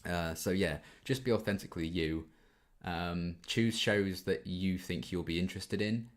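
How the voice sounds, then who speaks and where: Unhurried and steady in tone, a low-voiced young man in his twenties fields viewer questions in a casual Q&A. He's a YouTube reaction channel host who reads each question out and chats through his answer, often saying um.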